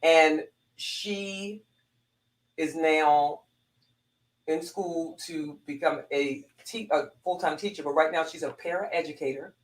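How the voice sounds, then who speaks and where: A woman's voice: low-pitched, slow pace, roomy sound, poor audio. A woman, a former police corporal, telling a heartfelt personal story with lots of restarts and repeats.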